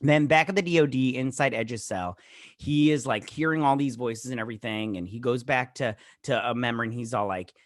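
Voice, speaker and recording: A man hosts a show and rambles through a TV episode recap at a middle pitch. He retells scenes in loose, filler-heavy speech and briefly acts out the characters' lines. The sound is dry, with no room echo. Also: fairly quick. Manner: rambling, filler-heavy retelling full of "he's all like" quotes. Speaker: show host. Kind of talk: casual TV episode recap and review.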